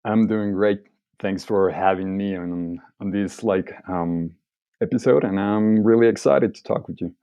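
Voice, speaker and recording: A man's voice: on the low side, measured pace, dark tone, dry recording. A man guesting on a casual podcast, speaking thoughtfully and hesitantly, with many fillers.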